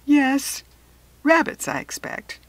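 A woman's voice: sits high, sing-song, takes it slowly, dry recording, voice pushed up, full character voice. Woman doing an earnest young farm girl. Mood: anxious.

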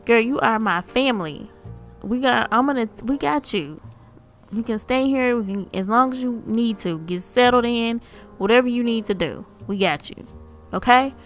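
A woman voicing a caring best friend in a life-sim game story, talking warmly and emphatically. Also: a little high, normal speed, soft background music, lightly acted. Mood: reassuring. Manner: warm, emphatic reassurance.

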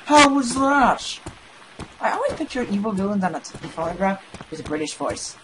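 A man's voice: high voice, very animated, normal speed, background noise. A man commentating on a horror game, sarcastic and jokey, swearing now and then. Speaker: gaming video host.

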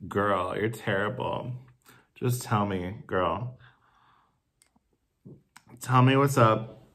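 This man's voice is lowish with a fairly bright tone as he delivers a comedy sketch monologue to the camera from his city home. In the role of a supportive friend, he coaxes sympathetically and gushes emphatically, drawing out stressed phrases, then fires off indignant, profane bursts.

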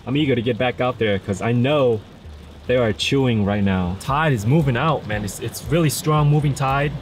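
A man's voice: medium pitch, moderate pace. A man talking casually to viewers from a fishing pier, explaining his gear in an easy-going way and often saying "man". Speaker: fishing vlogger. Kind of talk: casual outdoor fishing vlog. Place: outdoors on a fishing pier in rain and wind. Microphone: camera-mounted mic. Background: wind, rain and outdoor ambience.

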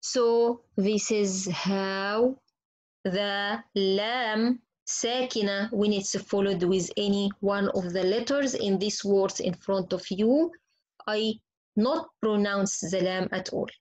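A woman teaching Quran recitation, slowly and patiently repeating each example word. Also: mid-range voice, darkish tone, poor audio. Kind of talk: slow tajweed lesson with spoken examples.

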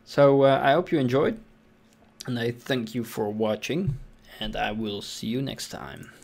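A man's voice: mid-range voice, a little slow, creaky, darkish tone. A young man casually commenting over his own tank game replay, thinking aloud with fillers and restarts. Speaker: gameplay commentator.

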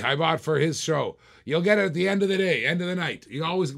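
A man with a gravelly, creaky voice runs a live-stream auction from an indoor studio. He talks in a chatty, joking way, repeating bids over and over, and his pitch sits in the middle range. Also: a bit bright.

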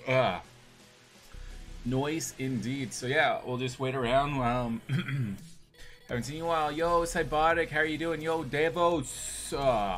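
Here a man with a medium, slightly bright voice streams his gameplay live. Buzzing from an energy drink, he says hi to chat and rambles cheerfully, often starting sentences over.

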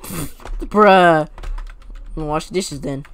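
A woman chatting frantically while playing a co-op cooking game, swearing, laughing and shouting orders at her teammate. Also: low-pitched, slow, creaky, clean tone, no room sound. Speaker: gamer. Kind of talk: casual co-op gameplay chat.

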